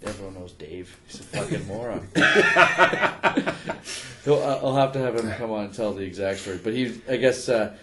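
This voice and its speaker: A man's voice: on the low side, normal speed, a little mellow. A man hosting a podcast, bantering and laughing with profane asides. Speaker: podcast host. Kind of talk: casual chat.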